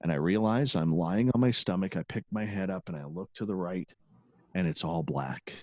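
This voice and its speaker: A man's voice: deep voice, moderate pace, no echo, muffled recording. A man, a guest who hosts his own radio show, telling a personal story in a casual, candid interview with occasional swearing.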